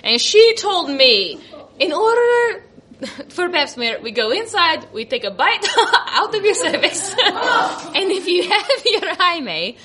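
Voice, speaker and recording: Very high-voiced woman telling a story live. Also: slow pace. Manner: animated, laughs through lines, acts out quotes. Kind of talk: live comic personal storytelling. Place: coffee shop stage. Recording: noisy live room with crowd laughter.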